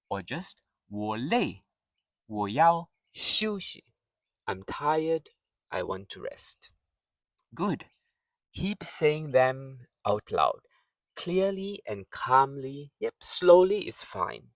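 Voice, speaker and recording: A man teaching a beginner language lesson, speaking patiently and repeating each word clearly. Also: medium pitch, no echo, studio quality, far from the mic.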